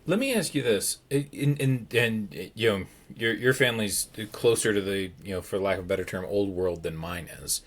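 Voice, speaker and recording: A man from Wisconsin co-hosting a podcast, talking casually and haltingly, often restarting his sentences. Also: on the low side. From Wisconsin, United States. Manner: halting, restarts and repeats words. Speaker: podcast co-host. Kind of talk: casual conversation.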